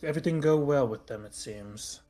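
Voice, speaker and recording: A man's voice: mid-range voice, normal speed, mellow, faint music behind, natural voice. A man playing a cold, commanding knight in golden armor who speaks curtly and condescendingly. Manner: curt, condescending.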